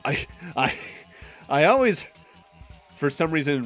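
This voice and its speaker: Chatty man with a lively voice. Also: medium pitch, slow pace, pauses often. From Massachusetts. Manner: chatty, joking, rambling asides. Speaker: streamer. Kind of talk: casual gameplay commentary. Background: faint game music.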